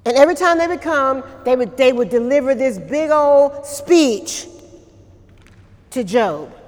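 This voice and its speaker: Slow-preaching woman pastor, echoing hall. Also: high-pitched, expressive, a little mellow. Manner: conversational preaching with many repeated words and questions to the congregation. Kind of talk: sermon. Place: church during a service.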